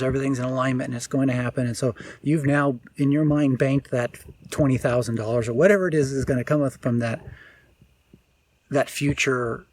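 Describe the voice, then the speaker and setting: A man, a spiritual teacher, giving an unscripted reflective talk, often pausing and restarting as he searches for words. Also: medium pitch.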